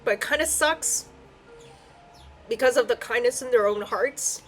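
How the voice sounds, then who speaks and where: A fairly high-voiced woman speaks in an earnest, emotional way as she gives a solo spiritual reading to her viewers. Her voice is close to tears at times. Faint music plays softly behind her. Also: measured pace. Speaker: tarot and I Ching reader.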